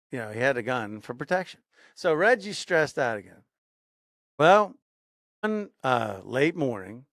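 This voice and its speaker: A man's voice: mid-range voice, vocal fry, a bit bright, dry recording, studio quality. A man co-hosting a podcast, telling a story casually and building suspense, often repeating phrases for emphasis. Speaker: podcast co-host.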